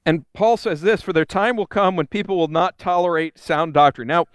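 A man's voice: high voice, moderate pace, clear, resonant tone, dry recording. A man giving a conversational sermon, telling stories and acting out the people he quotes. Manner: animated storytelling, voices quotes. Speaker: preacher.

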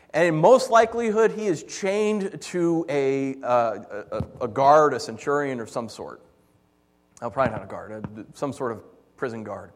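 A man preaching a sermon as pastor, animated and jokey, swinging between loud bursts and hushed asides. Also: on the high side, long reverb tail.

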